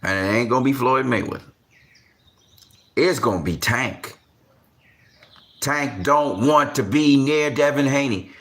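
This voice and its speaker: A man gives casual, animated boxing commentary a little slowly, with frequent pauses. He rants in disbelief, repeating himself, piling on slang, and growing louder and higher when he gets worked up.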